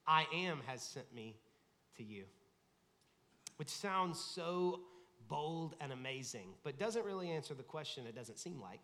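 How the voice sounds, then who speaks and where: A man's voice: on the high side, sing-song, unhurried, sharp tone. A man, the lead pastor, preaching a sermon in a casual, conversational way, acting out quoted voices. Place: large church sanctuary. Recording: long hall reverb.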